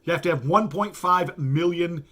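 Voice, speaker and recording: Male pastor, middle-aged, emphatic folksy commentary delivery, fairly high-pitched speaking voice. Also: normal speed, fairly bright tone. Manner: emphatic, folksy, repeats words for stress. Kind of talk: political commentary monologue.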